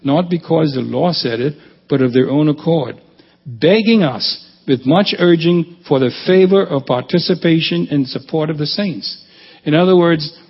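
Male pastor, gravelly and husky, animated sermon delivery, lo-fi church recording with long reverb. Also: a little high. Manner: animated preaching, rising emphasis.

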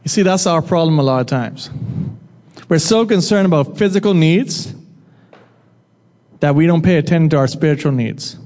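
A man delivering a sermon with a slightly raised pitch, talking to the room as if chatting with it. He puts questions to the crowd and teases them now and then. His voice rings out with a long reverb, as in a large hall. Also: animated, normal speed, pauses often, darkish tone. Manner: conversational, asks the audience questions and jokes with them. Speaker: preacher.

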